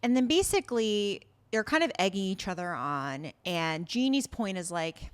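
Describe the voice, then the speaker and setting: Animated woman recapping a drama. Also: medium pitch, moderate pace, clear, resonant tone. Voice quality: animated, acts out characters' lines with laughs. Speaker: podcast co-host. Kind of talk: casual recap chat.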